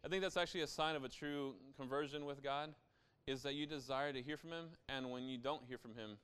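Young male pastor, very clear resonant voice, casual conversational sermon with frequent asides. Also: mid-range voice, steady tone, brisk, fairly bright tone.

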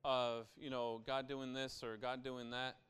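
A man's voice: mid-range voice, little pitch movement, unhurried, a bit bright, clear, resonant tone. A young adult man preaching a sermon as pastor, in a conversational style with frequent asides to the listeners.

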